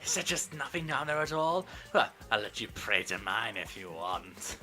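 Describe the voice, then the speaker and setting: A man's voice: lowish voice, very animated, moderate pace, bright, forceful tone, full character voice. A man voicing a gleeful, sadistic male bear mascot in a sing-song, taunting manner, over game music. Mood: mocking.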